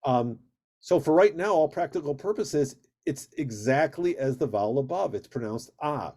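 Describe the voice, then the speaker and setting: A rabbi teaching a Hebrew reading class on a video call, patient and steady, drawing out vowel sounds in drills. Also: male voice, on the high side, normal speed.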